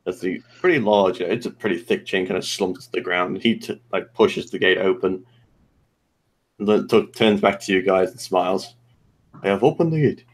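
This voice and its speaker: A man's voice: deep voice, steady tone, normal speed. A man acting as game master, loosely narrating a tabletop role-playing scene.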